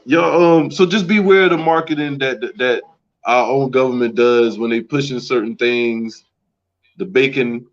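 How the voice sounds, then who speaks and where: A man speaks casually on a podcast, pausing on ums and then rattling off examples quickly. His voice sits in the middle range for a man. The recording sounds dull and lo-fi. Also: medium pitch. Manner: rapid listing, hesitant with many ums. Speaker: podcast co-host. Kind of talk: casual chat.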